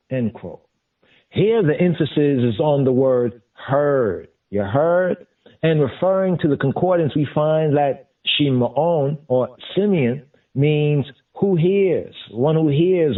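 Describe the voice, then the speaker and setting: A man gives a slow, deliberate scripture lesson, pausing to repeat each term in Hebrew and English. His voice sits at an ordinary pitch but comes through thin and phone-like, set back from the microphone. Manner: repeats terms in Hebrew and English, drawn-out emphasis. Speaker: teacher of Torah study. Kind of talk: slow teaching sermon. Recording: tinny phone-like audio from a distance.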